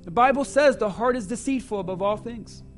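A man preaching a sermon to his church, swinging between loud emphasis and hushed asides. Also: very high-pitched, a little fast, soft background music. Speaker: pastor.

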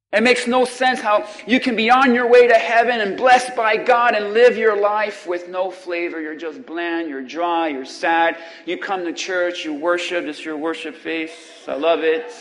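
A man's voice: high-pitched, vocal fry, a bit bright. A man preaching a sermon as pastor, drawing out his words and calling the congregation to repeat after him. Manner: preaching with call-and-response to the congregation; slow, drawn-out emphatic delivery. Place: church sanctuary. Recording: long reverb of a church hall.

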